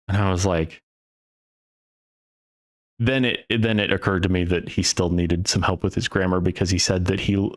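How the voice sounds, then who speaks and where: A man's voice: sits low, fairly even intonation. A man hosting a podcast, talking in a casual, rambling monologue full of restarts and the odd curse word. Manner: rambling and profane, with restarts and trailing pauses. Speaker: podcast host.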